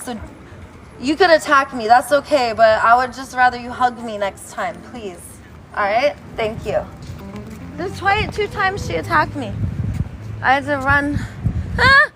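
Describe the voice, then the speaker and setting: A woman's voice: high voice, lively intonation, a little slow, fairly bright tone, soft background music, rough recording. A woman giving a rambling, playful monologue outdoors on a city street, now and then breaking into sing-song. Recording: street traffic noise behind. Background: passing cars.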